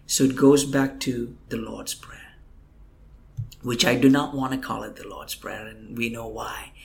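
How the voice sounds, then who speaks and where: A man's voice: mid-range voice, steady tone, unhurried, gravelly. Earnest man telling a testimony. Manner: earnest, emotional storytelling, drops to a whisper at times. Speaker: guest minister. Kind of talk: testimony in a podcast interview. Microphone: computer microphone.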